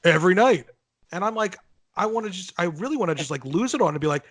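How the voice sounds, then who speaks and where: A man telling a story in casual chat, animated, swearing freely and acting out what people said. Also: high voice, fast. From northern United States. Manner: animated, swearing, acts out quotes. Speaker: podcast guest.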